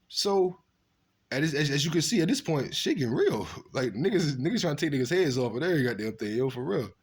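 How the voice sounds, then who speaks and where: A man casually telling stories from his past, animated and profane, acting out what people said. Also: on the high side, brisk, husky. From Virginia. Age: adult. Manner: animated, profane street storytelling with acted-out quotes. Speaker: storyteller recounting his past. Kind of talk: casual storytelling monologue.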